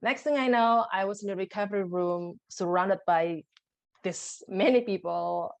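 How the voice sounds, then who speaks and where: Woman telling a raw, halting story. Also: medium pitch. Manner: emotional, halting storytelling with restarts. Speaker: podcast guest. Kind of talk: personal birth story in conversation.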